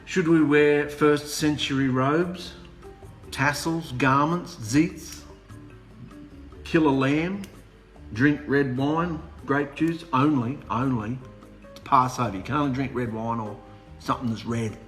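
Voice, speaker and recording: A man preaching an animated, humorous sermon, sarcastic and worked up. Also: mid-range voice, takes it slowly. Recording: echoey room with music behind.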